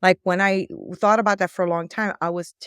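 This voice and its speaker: A woman life coach as a podcast guest, telling stories in a lively way and acting out the dialogue. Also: lowish voice, a little fast, clear, resonant tone, no room sound, studio quality. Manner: animated storytelling, acts out quoted dialogue. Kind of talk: conversational interview.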